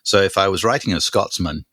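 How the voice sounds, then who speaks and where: A man with a very low voice hosts a podcast and rambles through his points with jokes and restarts. the sound is dry and close, with no room tone behind him. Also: pushed and bright, husky, dry recording. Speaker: podcast co-host. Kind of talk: casual chat.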